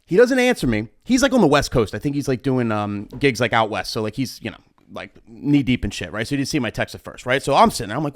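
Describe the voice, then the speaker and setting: A man, a wedding DJ and show host, telling a story in a chatty, animated, profane way into a studio mic. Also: medium pitch, quick pace, no room sound. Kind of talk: storytime monologue. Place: home streaming setup. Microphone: studio mic on boom arm. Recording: dry close studio mic.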